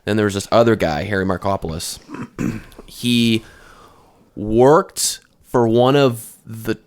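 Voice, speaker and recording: In a casual podcast chat, a male co-host with a fairly low voice talks slowly. He wanders in his speech, with lots of restarts and swearing.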